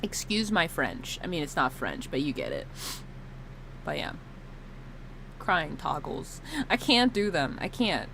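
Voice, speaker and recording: A woman streamer chatting casually during a live stream, animated and laughing often, with mock sobbing and some swearing. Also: deep voice, unhurried, pauses often, slight background noise.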